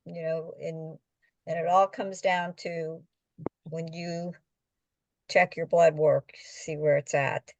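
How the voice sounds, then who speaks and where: Woman guest, low voice, dry close sound, matter-of-fact talker. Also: little pitch movement, slow pace, dry recording. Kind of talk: casual chat.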